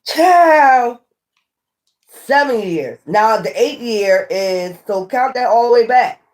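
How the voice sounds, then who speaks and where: A woman giving a casual, animated tarot reading, often scolding and repeating herself. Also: medium pitch, a little slow. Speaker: tarot reader.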